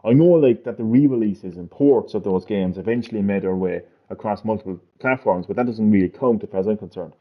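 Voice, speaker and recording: A man's voice: on the low side, a little fast, few pauses. A man chatting on a gaming live stream, rambling, swearing freely and repeating himself. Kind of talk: casual live-stream chat. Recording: dull lo-fi stream audio.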